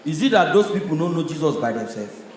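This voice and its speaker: A man with a Nigerian accent performing stand-up comedy, telling stories in a loud, punchy way. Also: a little high, sing-song, fast. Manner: loud, punchy storytelling with audience laughter. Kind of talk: stand-up comedy in Pidgin English. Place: stage in a large hall. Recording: echoey live hall sound.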